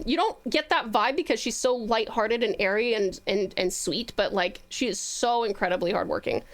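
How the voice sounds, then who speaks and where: A woman with an Australian accent chatting casually on a live stream, bubbly and gushing with lots of fillers. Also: on the high side.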